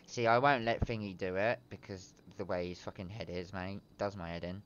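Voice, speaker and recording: A man's voice: deep voice, fairly even intonation, a little fast, lo-fi sound. A British man streaming a crime role-play, talking casually and bluntly with lots of swearing. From Britain. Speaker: streamer playing a criminal. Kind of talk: in-character game role-play.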